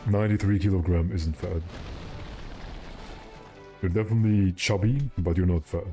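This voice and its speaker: A man's voice: low-pitched, moderate pace, dark tone, soft background music. A young man streaming a game, chatting casually and rambling with his viewers while he plays. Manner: rambling, joking, answers chat.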